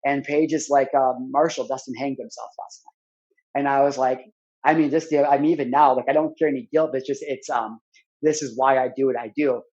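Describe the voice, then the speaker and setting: A man's voice: mid-range voice, steady tone, fast, darkish tone, muffled recording. A man in his thirties, speaking as a podcast guest, tells a personal story in an earnest, rambling way full of "like" and restarts. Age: 30s.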